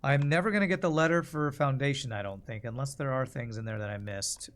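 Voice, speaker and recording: A man with a medium-pitched voice talks quickly while streaming a puzzle game. He mutters and thinks aloud, both to himself and to his chat, in a casual run of gameplay commentary.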